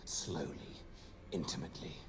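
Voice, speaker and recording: An actor playing a scheming male trickster god, taunting in a menacing low hiss as film dialogue. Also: normal speed, in a whisper, poor audio.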